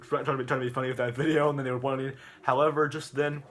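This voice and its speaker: A man's voice: mid-range voice, little pitch movement, rapid-fire, a bit bright, slight background noise. A man in a rambling rant, full of stammered restarts and swearing. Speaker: youtuber.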